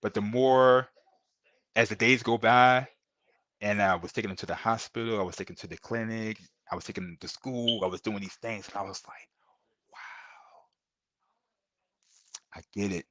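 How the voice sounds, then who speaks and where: A man's voice: fairly low pitch, fairly even intonation, moderate pace, fairly bright tone, no echo. A middle-aged man, a podcast guest, telling earnest and emotional stories in a casual interview, often repeating himself and calling the host bro.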